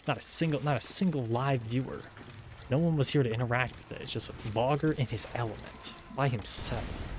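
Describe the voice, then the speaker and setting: A young man in a casual solo livestream, talking in a flat, monotone way, rambling, swearing and restarting his sentences. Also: medium pitch, brisk, slight background noise. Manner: rambling, swears often, repeats words and restarts a lot. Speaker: streamer. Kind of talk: casual solo livestream chatter while gaming.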